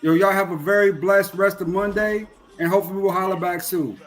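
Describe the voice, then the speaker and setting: A man in his forties, a guest on a live stream, chatting casually with loud, joking exclamations. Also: sits high, fairly even intonation, brisk, over music. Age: 40s. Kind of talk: casual chat.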